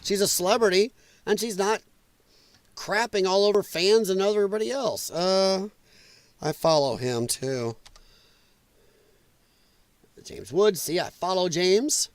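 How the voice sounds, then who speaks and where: A man's voice: sits high, measured pace, pauses often, no echo. A man hosting a podcast livestream, rambling in casual commentary and reacting aloud to viewer chat. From United States. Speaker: podcast host.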